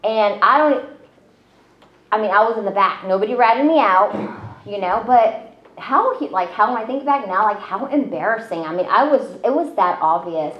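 A woman tells her story in a relaxed, self-deprecating way, full of fillers and asides. Her voice sits at an ordinary middle pitch. The sound is roomy and a little dull. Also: normal speed. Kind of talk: casual personal storytelling. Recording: roomy, slightly dull audio.

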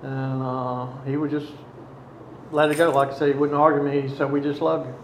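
A man telling his own story, slowly and haltingly, with many pauses. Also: mid-range voice, flat delivery, roomy sound, slight background noise, rough recording. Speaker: storyteller recounting past addiction. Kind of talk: personal testimony.

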